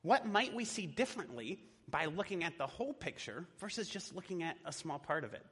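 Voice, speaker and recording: A man's voice: fairly high pitch, big pitch swings, fairly quick, fairly bright tone, slightly rough. A man preaching a sermon in a church in a conversational way, with casual fillers. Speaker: pastor. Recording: echoey hall.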